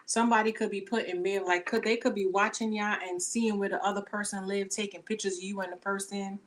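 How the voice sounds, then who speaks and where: A woman's voice: mid-range voice, steady tone, brisk, slight background noise. A woman giving a casual tarot reading to camera, talking in blunt, slangy, profane chatter into the camera mic. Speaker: tarot reader.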